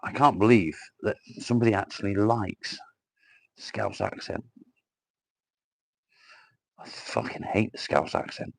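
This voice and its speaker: A fairly low-voiced man from Northwest England talks to his live-stream viewers as he works on cables. He rambles bluntly and swears freely. The sound is dry and close, with no room echo. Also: a little slow, long pauses. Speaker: livestreamer. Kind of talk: casual live-stream chat while doing cable work.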